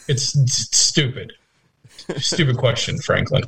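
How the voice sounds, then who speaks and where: A man's voice: medium pitch, lively intonation, moderate pace, fairly bright tone. A man co-hosting a casual podcast chat, teasing and joking, laughing often. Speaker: podcast co-host.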